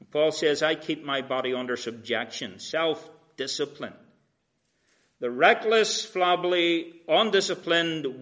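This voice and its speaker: A man gives an expository sermon with a slightly high voice, reading verses and restating them in a sarcastic, everyday tone. He swings between loud, emphatic lines and quiet asides.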